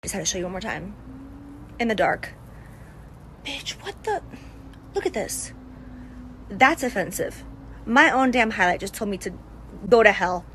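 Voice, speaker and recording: Woman beauty vlogger, middle pitch, giggly and foul-mouthed, faint background hiss. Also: animated, normal speed, long pauses, fairly bright tone, rough recording. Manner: gushing, giggly and profane. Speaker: beauty influencer. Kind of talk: makeup tutorial chat.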